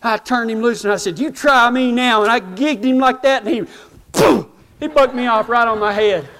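A man's voice: very high voice, moderate pace, fairly bright tone. A man telling a humorous, self-mocking story in folksy rural speech to a live audience. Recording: long hall reverb.

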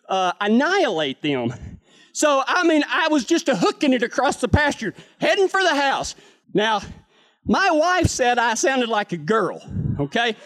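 A man's voice: very high voice, fairly bright tone. A man preaching a sermon, telling a joking, folksy cowboy story.

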